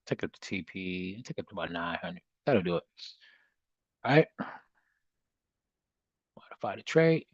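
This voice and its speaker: Laid-back low-voiced man, dry close mic. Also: very animated, unhurried, long pauses, dry recording, highs cut off. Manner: laid-back, chatty, reads chat aloud. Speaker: livestream trading host. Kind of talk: casual livestream chat.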